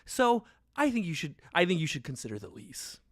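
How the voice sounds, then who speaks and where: A man voicing a persuasive adult male car salesman, talking in smooth, deliberate sales patter. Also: on the high side, huge pitch swings, fairly bright tone, dry recording, heavily acted.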